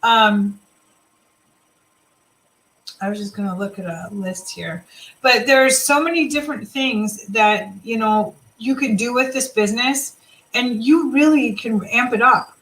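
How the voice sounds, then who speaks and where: Leading her sales team in a relaxed live chat, a middle-aged woman speaks in a slightly high voice and a little slowly. She encourages everyone while rambling, restarting sentences and using fillers, on a rough recording.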